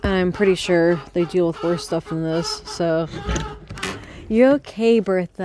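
A young woman vlogging casually by her chicken coop, rambling and swearing as she hushes her hens. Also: on the low side, a little slow, noisy background. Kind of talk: casual chat while reading aloud. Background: faint chicken clucking.

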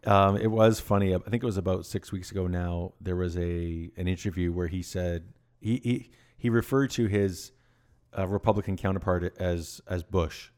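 A man co-hosting a casual podcast chat, measured and wry. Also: sits low, steady tone, a little mellow. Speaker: podcast co-host.

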